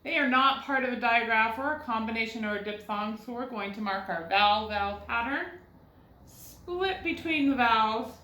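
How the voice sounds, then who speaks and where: This recorded first grade phonics lesson comes through in roomy, low-quality audio. The woman teaching speaks at a normal speed in a sharp tone on the high side, patiently sounding out each syllable and asking rhetorical questions to lead the children along.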